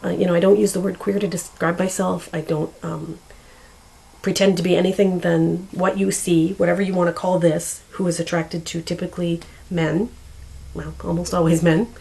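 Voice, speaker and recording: A woman's voice: fairly low pitch, level tone, normal speed, gravelly, mellow, rough recording. A woman in her forties chatting casually to the camera, rambling and often searching for words. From Canada. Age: 40s. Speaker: vlogger.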